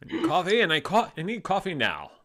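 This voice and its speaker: A man's voice: sits high, wildly swooping pitch, a little fast, a bit bright. A man hosting a casual live stream, joking with his co-hosts and reading out viewers' chat comments. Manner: jokey, reads out chat comments. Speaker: host.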